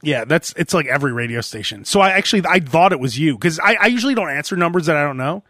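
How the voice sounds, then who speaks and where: A man hosting a podcast, chatting casually and telling animated stories in which he acts out phone calls and sometimes bursts into shouting. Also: on the high side, fast, dry recording, studio quality. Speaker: podcast host. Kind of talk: casual chat.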